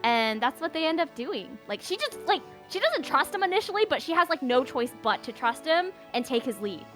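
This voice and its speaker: A young woman co-hosting a casual book podcast, her voice high and swinging widely up and down. She talks in a bright, lively rush of fillers and mini impressions of the characters. Faint music sits under her. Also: brisk. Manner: bubbly, many fillers, acts out characters' lines. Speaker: podcast co-host. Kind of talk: casual book recap chat.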